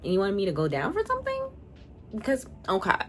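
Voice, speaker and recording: A young adult woman chatting casually as a video reviewer, animated and sassy in her asides. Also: medium pitch, fast talker, a little hiss or hum.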